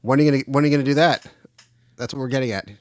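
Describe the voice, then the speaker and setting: Laid-back, hesitant ham radio co-host. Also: male voice, mid-range voice, rapid-fire, no echo, clean studio sound. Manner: relaxed, hesitant, with many fillers. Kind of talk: casual chat on a live stream.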